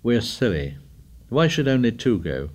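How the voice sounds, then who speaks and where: A man's voice: mid-range voice, very animated, unhurried. A man reading the lines of a tired, earnest boy leader in an audiobook, strained and insistent. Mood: tense.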